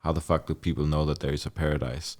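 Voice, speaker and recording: A man's voice: very deep voice, flat delivery, fast talker. A middle-aged man, a podcast guest, telling his life story in a loose, candid way, full of "like" and frequent swearing. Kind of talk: casual storytelling in a conversation.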